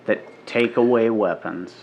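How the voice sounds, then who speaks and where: A man's voice: lowish voice, measured pace, vocal fry, lo-fi sound. A man co-hosting a podcast in casual chat, talking emphatically, repeating his points and swearing often. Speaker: podcast co-host.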